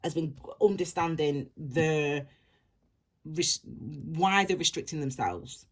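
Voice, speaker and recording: Slow and mid-range, this tarot reader's voice addresses the viewer directly in a rambling, looping way that keeps repeating the same phrases. The tone stays relaxed and reassuring from start to finish.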